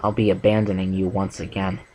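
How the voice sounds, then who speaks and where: A man's voice: low voice, level tone, a little fast, noisy background, lightly acted. A man voicing a blunt, remorseful tomboy female pony in an amateur fanfic reading, in a plain, subdued voice. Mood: regretful.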